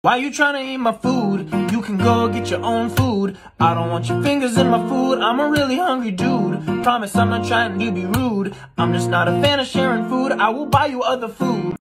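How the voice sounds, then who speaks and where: A man's voice: very high-pitched, animated, normal speed, hardly any pauses. Hungry dude protective of his food, sung by a man, a comic song over guitar music. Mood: defensive.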